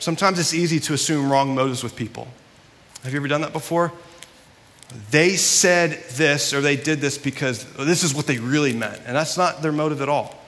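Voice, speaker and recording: Guy pastor giving a sermon, kinda high bright voice, chatty and earnest, big echoey church hall. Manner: earnest, conversational preaching. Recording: long hall reverb.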